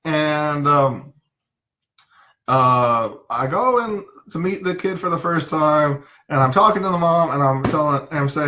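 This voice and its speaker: A man's voice: a little high, animated, unhurried, pushed and bright, lo-fi sound, a little hiss or hum. A male psychologist speaking casually, telling stories from his work and acting out the voices of the people in them. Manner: anecdotal, acts out quoted voices, many fillers. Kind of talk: casual storytelling talk.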